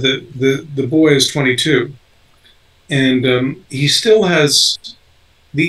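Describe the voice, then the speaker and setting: A man's voice: medium pitch, a bit bright, recorded from a distance, rough recording. An older man, an actor being interviewed, talking casually with lots of fillers and restarts. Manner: rambling, many fillers and restarts. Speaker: actor guest.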